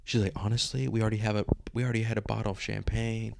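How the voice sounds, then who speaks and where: A man's voice: on the low side, rapid-fire, gravelly, no room sound. A man in his twenties co-hosting a podcast, telling a story in casual chat, swearing and acting out the dialogue. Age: 20s. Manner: animated, swears freely, acts out dialogue. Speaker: podcast co-host.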